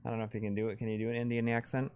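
A man co-hosting a stream, chatting casually with short, relaxed replies. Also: medium pitch, very fast, smooth. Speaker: co-host.

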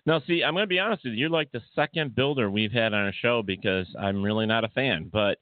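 A man's voice: medium pitch, fast talker, no room sound. A man hosting a talk radio show, teasing and emphatic in casual chat. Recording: tinny lo-fi line.

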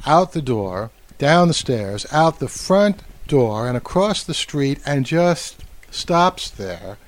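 A man hosting his own podcast, giving reflective commentary and slowing down to stress key words. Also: medium pitch, a little mellow. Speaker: podcast host and media commentator.

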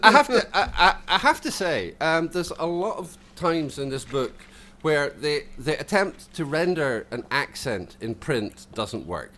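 A man with a Scottish accent chatting casually on a podcast, self-deprecating and quick to laugh, with lots of restarts. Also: on the high side, big pitch swings, sharp tone. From Scotland. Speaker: podcast co-host.

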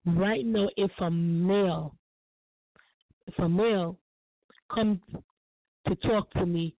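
A woman's voice: lowish voice, fairly even intonation, takes it slowly, dry recording. A woman guest on a call-in talk show, giving earnest personal testimony and repeating phrases for emphasis. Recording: dry tinny phone line.

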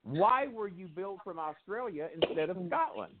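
A man's voice: high voice, expressive, moderate pace. A male radio host in casual talk, joking and laughing often as he tells stories over a phone line. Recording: tinny phone line with faint noise.

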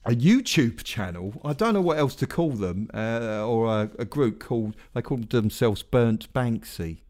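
A man's voice: medium pitch, expressive, normal speed, darkish tone. A man hosting a podcast, chatting casually in a rambling way with self-deprecating asides. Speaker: podcast host. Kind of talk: casual chat.

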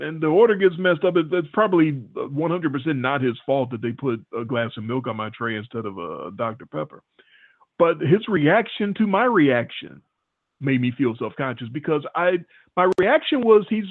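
Rambling Midwestern man, tinny sound. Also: on the high side. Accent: Midwestern American. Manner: rambling, laid-back storyteller who swears casually. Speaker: podcast co-host. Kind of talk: casual chat.

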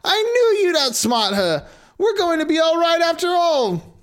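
A cheerful young boy from a fairy tale bursts with eager excitement, his voice lifted high and bouncing. He exclaims everything, as a man reads him aloud. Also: measured pace, exaggerated voice. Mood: overjoyed.

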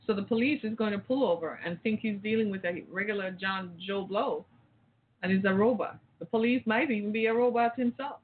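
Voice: medium pitch, fairly quick, slight background noise. A caller giving an impassioned, rambling rant, repeating phrases and firing off rhetorical questions. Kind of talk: impassioned talk-show rant. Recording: tinny phone line.

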